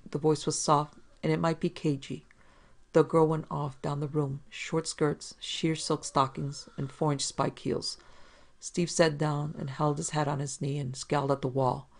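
An audiobook narrator tells a hardboiled 1940s crime story in a gravelly, fry-edged voice. The delivery is flat and steady, with little rise or fall. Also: mid-range voice, measured pace. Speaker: podcast narrator.

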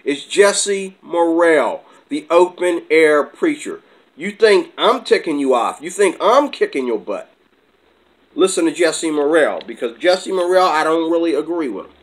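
A man with a fairly high voice rants to his viewers in a heated, combative way. He jumps between points, circles back, and presses each claim. At times he slows down and drops quieter. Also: lively intonation, poor audio. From America. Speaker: channel host. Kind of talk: heated vlog rant.

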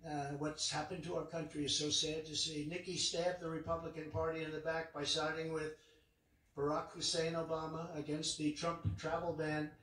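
A man's voice: on the high side, level tone, moderate pace, a bit bright. A man speaking as a political candidate at a campaign rally, emphatic and repetitive, with rambling asides. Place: large indoor arena. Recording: echoey arena, distant mic.

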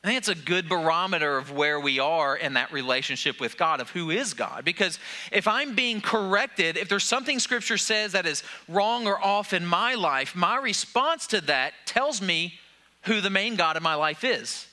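A man's voice: high voice, expressive, moderate pace, bright, forceful tone. A man preaching a sermon to a church, talking conversationally and posing questions to the congregation. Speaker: pastor.

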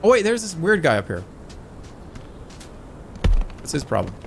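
Goofy excitable male streamer. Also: on the high side, a little slow, gravelly, slight background noise. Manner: goofy, excitable, with sudden yelps. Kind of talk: live gameplay commentary.

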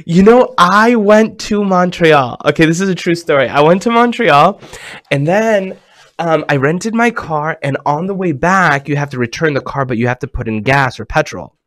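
A man hosting a children's program over a video call, talking animatedly and swinging between hushed and excited tones. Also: a little high, moderate pace, dry recording.

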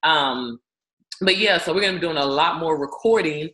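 A woman's voice: low-pitched, moderate pace, sharp tone, poor audio. A woman co-hosting a family channel, chatting casually at home with lots of fillers and agreeing murmurs. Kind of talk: casual chat. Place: indoors at a rented home.

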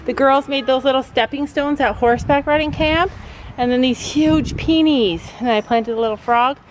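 A woman vlogging casually to her viewers, chatty and animated as she talks straight to the camera from her backyard. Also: high voice, moderate pace, a little hiss or hum. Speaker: family vlogger. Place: outdoors in a backyard.

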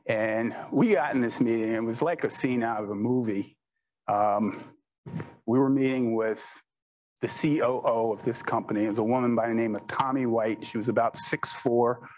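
A man's voice: medium pitch, darkish tone, a little hiss or hum, low-quality recording. A man telling business anecdotes in a rambling, chatty way, leaning on "you know" and laughing at his own stories. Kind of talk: anecdotal storytelling talk.

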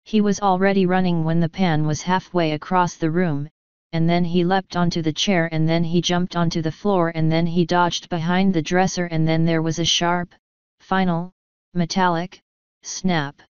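A woman narrating a comic fantasy audiobook in a steady, lightly wry storytelling manner. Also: lowish voice, normal speed, clean tone, dry recording, muffled recording.

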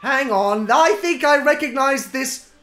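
Excitable high-voiced woman. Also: a little slow, over loud music. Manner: excitable, swears constantly, shouts and laughs in bursts. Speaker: live reaction streamer. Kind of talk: live reaction commentary.

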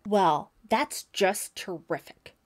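A woman voicing a pushy, quick-tempered teenage boy who is a camp counselor, speaking in a cocky, sulky manner. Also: mid-range voice. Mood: annoyed.

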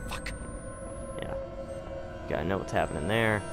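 Over loud music, a man with a low, gravelly voice gives casual, profanity-filled let's play commentary on a horror game, picked up by a desk mic. He speaks at a measured pace but stays jumpy, cracking nervous jokes.

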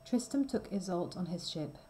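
A woman reading a simple storybook aloud slowly and clearly for language learners. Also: on the low side, animated, warm tone, a little hiss or hum, rough recording. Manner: careful, deliberate reading. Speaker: reader.

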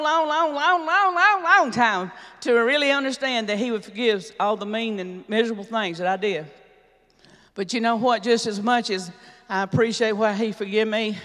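A man's voice: high voice, big-room sound. A man giving an earnest spoken testimony in church, often repeating "you know". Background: country gospel instruments.

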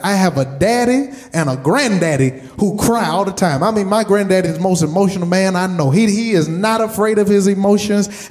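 A man's voice: high voice, darkish tone. A man preaching a sermon as pastor, stressing points by repeating words and putting direct questions to his listeners. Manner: asks the congregation direct questions.

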